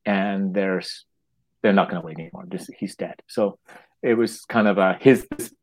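A man who writes plays, talking casually in an interview, halting and restarting his words and acting out little quotes. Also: low voice, a little mellow, poor audio. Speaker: playwright.

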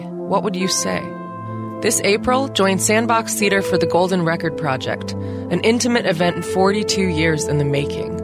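Earnest lower-voiced woman narrating an ad. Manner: measured, earnest, hopeful. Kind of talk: scripted radio ad narration. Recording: loud music bed.

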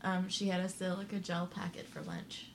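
A woman's voice: on the low side, level tone, moderate pace. A woman guesting on a casual comedy podcast in a studio, teasing and playful, laughing often. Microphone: studio microphone.

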